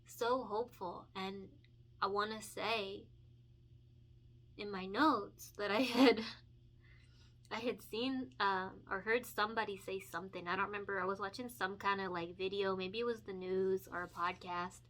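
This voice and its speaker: A woman's voice: mid-range voice, steady tone, moderate pace, a bit bright. A young adult woman illustrator chatting casually while she colors, emotional and gushing, laughing often and saying "like" a lot. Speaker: picture book illustrator and vlogger.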